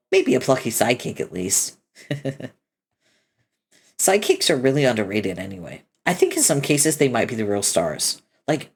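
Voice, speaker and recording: Woman, very deep voice, husky, lively pitch, comic read-aloud with voices, casual asides. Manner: animated, switches between character voices; adds casual commentary between dialogue. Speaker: reader of a webcomic. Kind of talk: reading a comic aloud, voicing each character.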